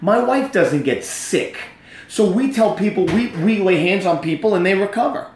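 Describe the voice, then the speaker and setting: A man's voice: high voice, lively intonation, moderate pace, echoey room, slight background noise. A man telling a faith story in casual talk, blunt and emphatic, acting out the quotes. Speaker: podcast guest telling a testimony.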